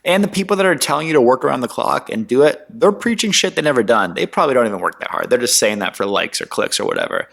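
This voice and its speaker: A man's voice: medium pitch, quick pace, creaky, hardly any pauses. Slangy young man telling his story. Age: 20s. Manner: animated, slangy, mimics others in quotes. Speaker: guest entrepreneur. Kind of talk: casual interview storytelling.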